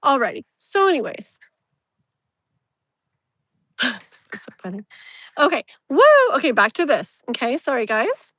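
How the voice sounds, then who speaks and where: A woman's voice: on the high side, sing-song, measured pace, pauses often, a bit bright, no room sound. A woman hosting a live tarot reading, chatting casually and leaning on "like" and "you know", with a soothing tone toward the viewer.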